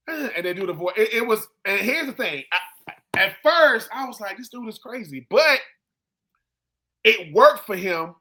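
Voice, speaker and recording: A man with a high, bright voice spins a casual story on a sports podcast. He slips into the voices of the people he quotes. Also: measured pace. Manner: animated storyteller who acts out quoted people. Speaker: co-host, former football player.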